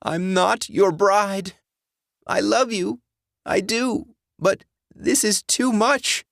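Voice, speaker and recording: A man voicing a terrified young woman in a high, strained, pleading voice. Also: takes it slowly, vocal fry, a bit bright, no echo, studio quality, full character voice.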